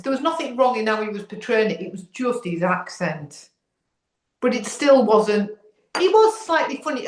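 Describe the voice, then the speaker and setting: A woman co-hosting a podcast, chatting casually and checking in often with "do you know what I mean". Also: fairly high pitch. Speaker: podcast co-host. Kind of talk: casual chat. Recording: roomy echo.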